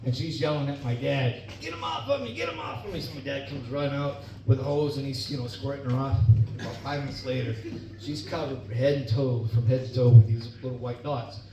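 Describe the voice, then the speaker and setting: Middle-aged stand-up comic in an echoey club. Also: male voice, mid-range voice, little pitch movement, brisk. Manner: folksy storytelling, laughs at own jokes. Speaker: stand-up comedian. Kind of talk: stand-up comedy set. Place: club or bar stage. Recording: echoey room, distant mic, dull, noisy.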